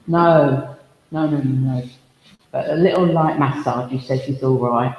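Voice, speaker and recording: A spiritualist medium, talking at a measured pace and medium pitch, gives a chatty, joking demonstration during a village hall service, full of anecdotes and asides. The sound is lo-fi, echoey from the hall, with faint noise.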